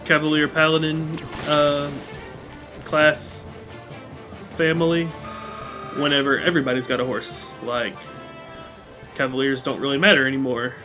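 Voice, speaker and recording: Male let's-play host, slightly high voice, loose rambling delivery with lots of fillers, faint game music behind. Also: steady tone, measured pace, pauses often. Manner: reads game dialogue aloud between remarks. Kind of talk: casual gameplay commentary.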